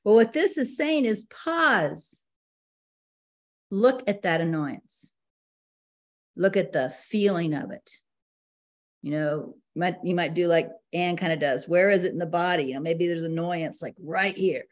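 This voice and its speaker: Woman, spiritual teacher, casual talk, easygoing and conversational, slows to read. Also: on the low side. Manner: conversational, laughs easily, slows to read passages.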